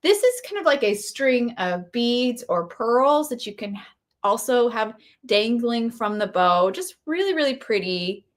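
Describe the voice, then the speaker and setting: Brief: fairly high-voiced woman, enthusiastic live crafting demo host, casual and gushy. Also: very animated, unhurried. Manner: chatty and enthusiastic, gushing over products. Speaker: craft product demonstrator. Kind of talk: casual live product walkthrough.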